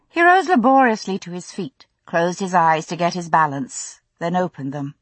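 A woman narrating a novel in the first person, with expressive, dramatic storytelling. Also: on the low side, normal speed, no room sound. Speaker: audiobook narrator.

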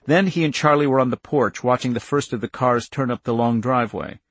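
A man reading a novel aloud in a measured, tense storytelling voice. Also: medium pitch, dry recording. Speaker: narrator. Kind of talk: audiobook narration.

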